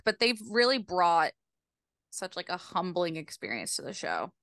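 A woman's voice: medium pitch, big pitch swings, fairly bright tone, no echo, studio quality. A woman co-hosting a podcast, chatting casually and agreeably about reality TV. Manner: chatty, agreeable, quick to laugh. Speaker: podcast co-host.

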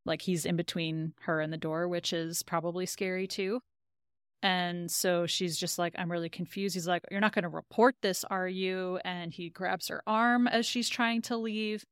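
A woman's voice: fairly low pitch, steady tone, a little slow, fairly bright tone, clear, resonant tone, no echo, studio quality. A woman co-hosting a podcast, casually recapping an episode and retelling scenes in quoted lines. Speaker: podcast co-host.

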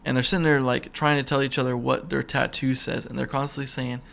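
A young man hosting his own podcast, rambling excitedly with lots of fillers and restarts. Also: medium pitch, brisk, vocal fry. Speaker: podcast host. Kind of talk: casual solo podcast rant. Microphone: single mic, podcast.

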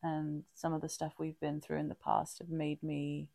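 A woman with a low, very gravelly voice speaks openly and reflectively in a casual podcast chat, dark and mellow in tone. She often stops and restarts her sentences, and the sound is dry and close. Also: completely flat delivery, dry recording. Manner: halting, frequent restarts and fillers; open and reflective. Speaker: podcast co-host.

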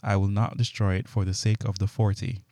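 A calm, assured divine voice grants each request, as a man reads it. Low and dark in tone, recorded close and dry. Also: brisk, no echo, close to an everyday voice.

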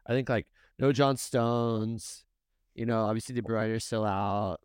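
A man's voice: on the low side, fairly even intonation, unhurried, a little mellow, smooth, no echo, studio quality. A man hosting a casual soccer podcast, steering the chat and putting questions to his co-hosts. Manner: leads the talk, asks the others questions. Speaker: podcast host.

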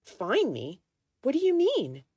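A woman voicing an anxious, remorseful young woman in a quiet, uneasy way while reading a novel aloud. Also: lowish voice, measured pace, no room sound, close to an everyday voice.

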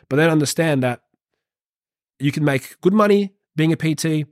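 A man's voice: on the high side, fairly quick, no echo, studio quality. A man hosting a podcast as a personal trainer, giving an earnest, rambling motivational monologue and swearing casually.

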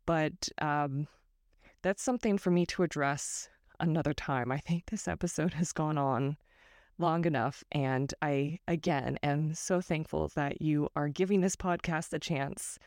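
Low-voiced, thoughtful Californian woman host. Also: unhurried, darkish tone, no room sound, clean studio sound. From Northern California. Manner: thoughtful, self-deprecating, digressive. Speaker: podcast host. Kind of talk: reflective solo podcast monologue. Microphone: close microphone.

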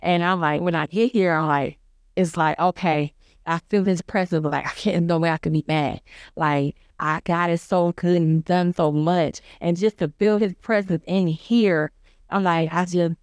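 A woman's voice: steady tone, normal speed, clear, resonant tone, no room sound. A woman giving an earnest personal faith testimony in a conversational way, acting out her own remembered lines. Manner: earnest, acts out her own quoted dialogue with rising pitch; conversational, many fillers and restarts. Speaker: church member giving testimony.

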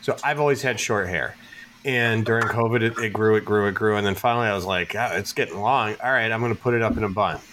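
A man co-hosting a podcast, telling stories in a casual, animated way, swearing and laughing often. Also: fairly low pitch, fast talker, background noise. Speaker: podcast host. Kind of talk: casual chat.

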